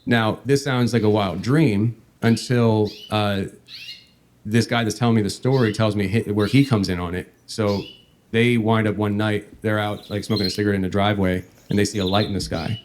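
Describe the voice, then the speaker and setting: A man hosting a podcast, telling a long story in a meandering, halting way. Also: on the low side, steady tone, a little hiss or hum. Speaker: podcast host.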